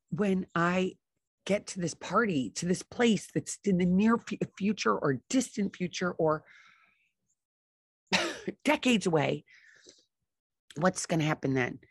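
A woman's voice: sits low, husky, no room sound, clean studio sound. A middle-aged woman hosting a solo podcast, talking with enthusiasm and repeating phrases for emphasis. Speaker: podcast host.

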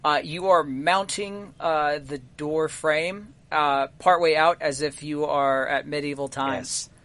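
A man narrating as game master of a tabletop role-playing game, relaxed and full of fillers. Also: on the high side, slow.

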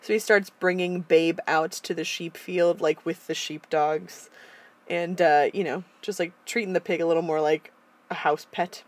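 Woman, casual chat host, animated storyteller who acts out the quotes. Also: fairly low pitch, moderate pace. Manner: animated, acts out quoted characters, laughs often. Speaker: podcast co-host retelling a film.

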